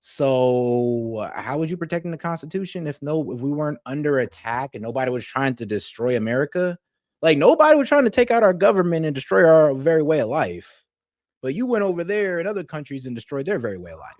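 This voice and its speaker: A man's voice: fairly high pitch, big pitch swings, fairly quick, a little mellow, dry recording, clean studio sound. A man hosting a reaction video, talking in a slangy, conversational way and reasoning through his point aloud. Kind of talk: casual reaction commentary.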